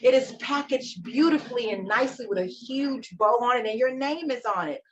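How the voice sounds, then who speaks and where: A woman in her forties, a life coach, talking about her life as a podcast guest, animated and emphatic. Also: fairly high pitch, moderate pace. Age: 40s. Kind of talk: casual interview chat. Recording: slightly dull lo-fi sound.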